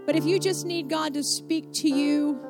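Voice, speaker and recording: Woman preaching over soft piano. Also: high voice, steady tone, normal speed. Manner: rhythmic preaching with repeated refrains. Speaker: pastor. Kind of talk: sermon. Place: church.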